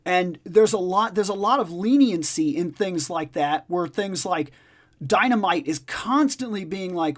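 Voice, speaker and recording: A man's voice: high-pitched, animated, a little slow. A man hosting a casual discussion chat, emphatic and profane, repeating his points for stress. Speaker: podcast host.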